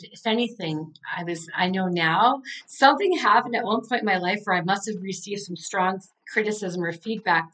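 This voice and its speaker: A woman's voice: mid-range voice, fairly bright tone, low-quality recording. A middle-aged woman, an author and coach, talking as a podcast guest in an earnest, heartfelt way with many "like" fillers. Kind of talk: casual interview conversation.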